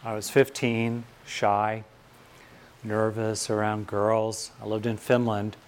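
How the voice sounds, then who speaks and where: An older Californian gives a considered talk on fear and courage, often pausing and rising in emphasis at the crucial points. His voice is lowish and level, with slight background noise behind it.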